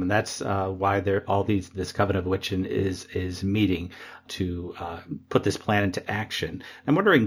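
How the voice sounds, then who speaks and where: A man hosting a podcast interview, asking thoughtful, halting questions. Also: lowish voice. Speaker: podcast host.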